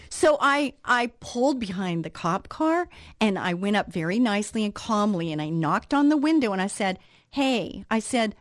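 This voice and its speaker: Animated woman radio host telling a story. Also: fairly high pitch, moderate pace, no room sound, clean studio sound. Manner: animated storyteller, acts out quoted reactions. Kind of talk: casual storytelling and devotional talk.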